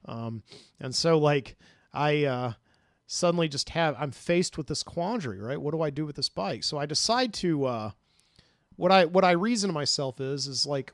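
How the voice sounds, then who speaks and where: A man's voice: on the high side, expressive, moderate pace, no echo. A man hosting a podcast, telling a dream story in a rambling way with many fillers, recorded in a studio. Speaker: podcast host.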